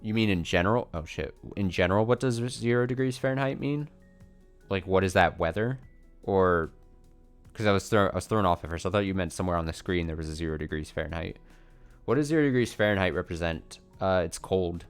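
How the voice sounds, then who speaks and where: Man, low voice, casual game-stream chatter, rambling, self-deprecating. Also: a little fast. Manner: rambling, self-deprecating, chuckling, answers chat questions. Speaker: let's play streamer. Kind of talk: casual chat while playing a game. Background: faint game music.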